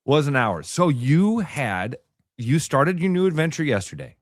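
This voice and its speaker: A man's voice: a little high, sing-song, unhurried, no echo, clean studio sound. A man co-hosting a morning radio show, chatting casually and telling rambling, self-deprecating stories.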